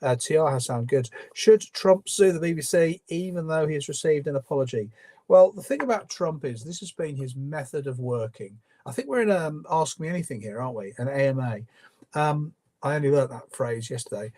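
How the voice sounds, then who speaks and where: A man's voice: mid-range voice, a little mellow. This is a man with a mid-range voice, hosting a casual live question-and-answer stream. He reads viewers' messages aloud and answers with firm opinions, loosely and conversationally. His talk is full of ums and restarts. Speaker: livestream host. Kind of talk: live Q&A commentary.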